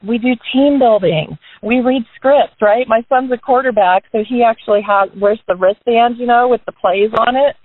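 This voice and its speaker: A woman's voice: a little high, normal speed, hardly any pauses, dry recording. A woman giving a casual, upbeat motivational talk to her business team on a group call from a parked car, leaning on tag questions as she talks. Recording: dry, tinny phone-line sound.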